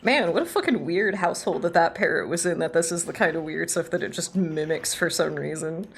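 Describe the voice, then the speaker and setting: A woman streaming a video game, chatting casually with quick, profane, joking asides and frequent laughter. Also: fairly low pitch, expressive, a little hiss or hum.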